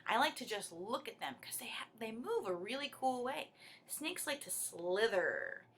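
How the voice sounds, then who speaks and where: A woman's voice: a little high, big pitch swings, normal speed, a bit bright, breathy edge. A woman leading young children through a dance song, talking in a cheerful, encouraging way. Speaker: children's movement teacher. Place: at home. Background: acoustic guitar.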